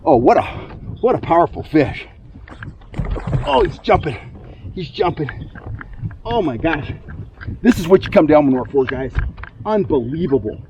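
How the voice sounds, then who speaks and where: A middle-aged man hosting a fishing vlog from a boat on a lake, talking through his gear and getting loudly excited when fish bite. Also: on the high side, normal speed, pauses often, dull audio, a little hiss or hum. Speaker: fishing channel host. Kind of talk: outdoor fishing vlog narration.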